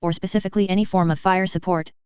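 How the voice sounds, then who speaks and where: A narrator voicing a composed female warship captain who talks in a crisp, businesslike way, with a dull, lo-fi sound. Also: high voice, steady tone, quick pace, no room sound, close to an everyday voice. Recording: dull lo-fi dry audio.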